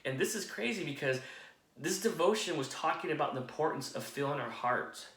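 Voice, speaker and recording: A man's voice: fairly high pitch, expressive, a little fast, fairly bright tone. A man giving an earnest devotional sermon, often checking in with his listeners by asking "okay?". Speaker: devotional speaker. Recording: roomy echo.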